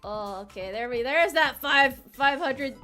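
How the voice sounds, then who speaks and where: High-pitched american-raised girl streaming, bright sharp voice, teasing chat and tripping over her words. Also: expressive, unhurried. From United States. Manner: playful, teasing banter with chat, frequent restarts. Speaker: VTuber streamer. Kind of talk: casual live-stream chat while playing a game. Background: faint game music.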